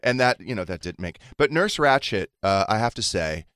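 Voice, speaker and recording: A man's voice: lowish voice, animated, normal speed, a crowd in the background. A man in casual conversation, telling a story animatedly and acting out the voices of the people he quotes. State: recovering from high fever. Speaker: podcast co-host. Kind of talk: casual chat.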